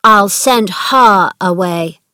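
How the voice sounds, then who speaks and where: A woman's voice: on the high side, normal speed, dry recording, clean studio sound, natural voice. A woman reading aloud, voicing a sickly, spoiled young boy who gives orders in a hard voice. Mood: commanding. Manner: commanding, imperious. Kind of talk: read-aloud storybook dialogue.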